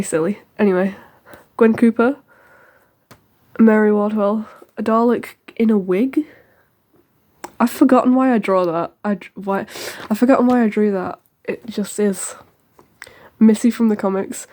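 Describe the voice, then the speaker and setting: A teenage girl chatting casually through a tour of her sketchbook, rambling with lots of ums and quick asides. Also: medium pitch, fairly even intonation, mellow.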